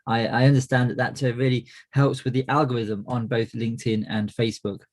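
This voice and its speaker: A man's voice: medium pitch, flat delivery, a little fast, darkish tone. Man hosting a coaching webinar. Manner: friendly, lots of "uh" fillers and restarts. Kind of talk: presenting a webinar.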